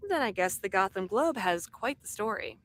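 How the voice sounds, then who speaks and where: A woman's voice: mid-range voice, animated, normal speed, fairly bright tone, close to an everyday voice. A woman voicing a feisty young heroine. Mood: defiant. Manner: sassy, defiant.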